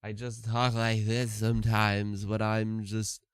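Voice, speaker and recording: Brief: sleepy man streaming in the morning, lowish voice, close and dry. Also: completely flat delivery, takes it slowly, smooth, dry recording. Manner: rambling, restarts a lot. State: tired from no sleep. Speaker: live streamer. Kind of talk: casual live-stream chat.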